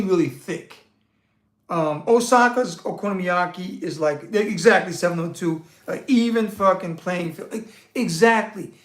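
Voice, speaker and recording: A man hosting a casual monologue, answering viewer questions in a blunt, profane, rambling and animated rant. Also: high-pitched. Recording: roomy echo.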